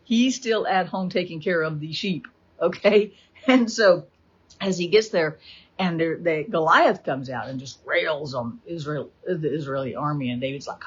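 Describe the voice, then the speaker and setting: A woman teaching a Bible study, retelling the story with animated energy and acting out the quotes. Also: low-pitched, normal speed, breathy edge. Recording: dull lo-fi recording.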